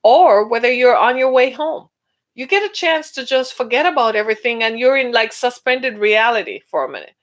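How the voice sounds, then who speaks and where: A woman hosts a casual advice talk for her listeners. Her voice sits fairly high, and she laughs easily and acts out short everyday dialogues as she goes. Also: brisk. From United States. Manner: animated, laughs often, acts out little dialogues. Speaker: podcast host.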